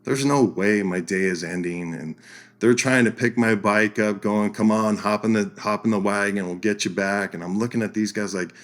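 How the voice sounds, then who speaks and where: A man, a podcast guest, telling a story in a casual way, lively, acting out the voices he quotes and laughing as he goes. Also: fairly low pitch, normal speed.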